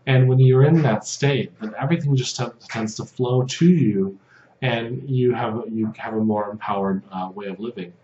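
A man giving a casual spoken lesson over slides, halting with many fillers and restarts, softening when he repeats short prayer phrases. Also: medium pitch. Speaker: video host teaching about control dramas. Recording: dull lo-fi audio in a roomy space with faint hum.

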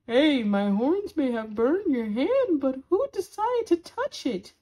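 A woman's voice: sits high, big pitch swings, slow, warm tone, exaggerated voice. A woman voicing a sarcastic, scolding horned demon in an audio role-play for a listener. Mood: mocking sarcasm. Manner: sarcastic, scolding, dramatic swings.

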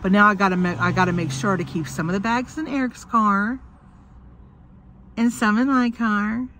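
Filming on her phone from inside a car, a woman chats and jokes to camera while sick with a cough, swearing and laughing often. Her mid-range voice holds a steady tone at normal speed over a noisy background.

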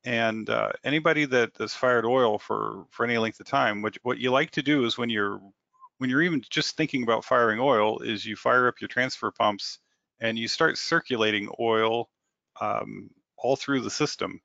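Gravelly, bright-toned man explaining fuel systems. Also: medium pitch, moderate pace, dry recording. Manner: explanatory, repeats words while thinking. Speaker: webinar presenter. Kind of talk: technical webinar explanation. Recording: slightly dull dry audio.

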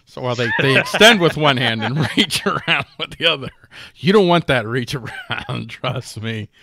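A man's voice: mid-range voice, expressive, normal speed, creaky, pushed and bright, dry recording. A man co-hosting a podcast, chatting casually and sarcastically with rambling restarts. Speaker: podcast co-host. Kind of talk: casual political chat.

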